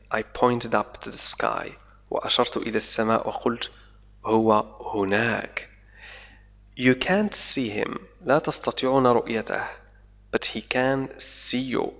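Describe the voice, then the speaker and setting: A man who speaks Arabic natively, teaching English by reading a novel slowly line by line and then quickly explaining each line in Arabic. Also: mid-range voice, vocal fry, sharp tone. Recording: dull lo-fi audio with long reverb.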